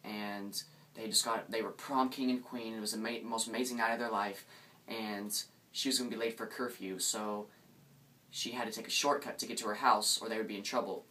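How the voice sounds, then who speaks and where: Young man telling a ghost story haltingly. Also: fairly low pitch, fairly even intonation, pushed and bright. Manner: hesitant, many restarts, suspenseful. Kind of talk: casual spoken ghost story. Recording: distant mic, faint background noise.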